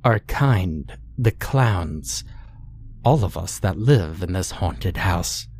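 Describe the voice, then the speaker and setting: A man's voice: sits low, animated, slow, a little mellow, a little hiss or hum, exaggerated voice. A man voicing a sadistic, playful female cannibal clown with teasing menace in a horror story. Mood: gleeful menace.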